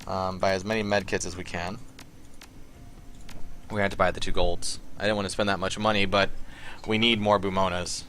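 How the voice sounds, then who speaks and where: Man, let's play host, casual rambling commentary, filler ums, lowish voice. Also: moderate pace, pauses often, slight background noise. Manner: relaxed and rambling, with many ums.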